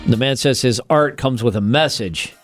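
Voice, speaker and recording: Male podcast co-host, mid-pitched, animated and profane storyteller, faint music bed. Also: normal speed. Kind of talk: casual comedic podcast chat.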